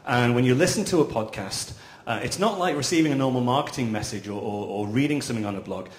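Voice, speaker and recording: A man's voice: mid-range voice, expressive, fast. A man speaking on a panel at a live event as a full-time podcaster, explaining earnestly and repeating words as he builds his sentences. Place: event venue, indoors. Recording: echoey room.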